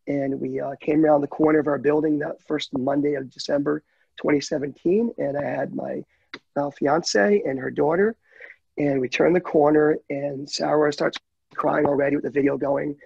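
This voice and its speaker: A man's voice: a little high, steady tone, moderate pace, gravelly, darkish tone, slightly rough, dry recording, muffled recording. A man telling his story in an interview, heartfelt and candid, choking up at times. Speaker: guide dog client telling his story.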